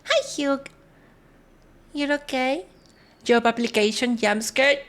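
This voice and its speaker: A woman's voice: high voice, slow, long pauses, fairly bright tone. A woman streamer, chatting casually with her viewers and greeting them one by one. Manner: chatty, greets viewers one by one, switches between English and Spanish.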